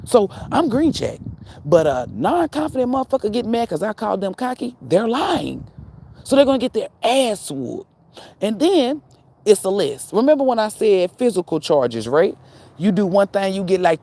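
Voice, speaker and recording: A woman's voice: medium pitch, very animated, moderate pace. A woman delivering a fiery spiritual rant to her viewers, her voice swinging widely up and down as she drives each point home. She swears freely and keeps firing rhetorical questions at them. A faint hum of noise sits behind her. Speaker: spiritual channel host. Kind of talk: profane spiritual rant to camera.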